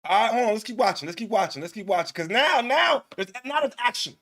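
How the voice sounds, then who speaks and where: A man co-hosting, reacting to footage in loud, excitable, slang-filled casual commentary. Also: high voice, fast. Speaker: co-host.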